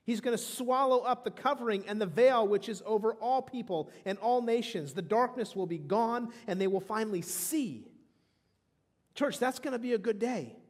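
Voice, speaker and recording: Male pastor, thirties, fairly high voice, preaching emphatically, long hall reverb. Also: moderate pace. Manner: emphatic preaching with frequent restarts. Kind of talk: sermon. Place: church sanctuary.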